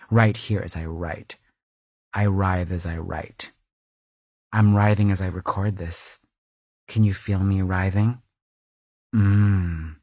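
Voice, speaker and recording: A man playing a vain, self-absorbed woman author who reads her florid travelogue aloud in a deadpan comic style, fussing over and restarting her lines in a recording booth. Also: on the low side, husky, no echo. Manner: fussy, florid, keeps restarting and correcting lines. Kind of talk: deadpan comic audiobook reading.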